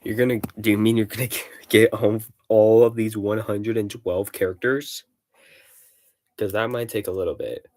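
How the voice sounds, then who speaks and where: Out-of-breath man, low voice. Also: steady tone, moderate pace, darkish tone. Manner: rambling, offhand, jokey asides. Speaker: streamer. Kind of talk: casual livestream chat, reading game events aloud.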